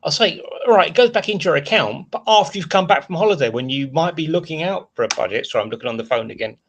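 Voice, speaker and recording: A man's voice: on the high side, lively intonation, quick pace, creaky, slightly rough. A man hosting a casual live stream. He rants in a frustrated, rambling way and reads out chat comments as he goes. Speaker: livestream host.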